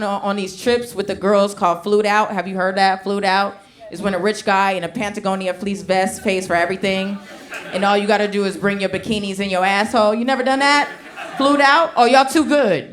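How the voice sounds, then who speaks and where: Brash woman doing stand-up in a noisy club. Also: mid-range voice. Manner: brash, loud and conversational, talking straight to the crowd. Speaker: stand-up comedian. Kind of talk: stand-up comedy set. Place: comedy club stage with a laughing audience. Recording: live club recording with clear background noise.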